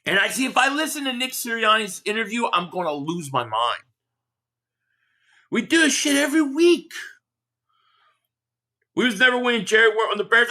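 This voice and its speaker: A man's voice: extremely high pitch, sing-song, moderate pace, pauses often, bright, forceful tone. A man hosting a live sports reaction stream, ranting heatedly and with lots of profanity while reading out viewer chats.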